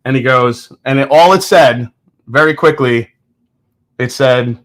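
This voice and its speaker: A man's voice: medium pitch, unhurried, fairly bright tone. A man hosting his own show, chatting casually and rambling through a story with restarts and laughs, at home. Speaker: host. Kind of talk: casual chat.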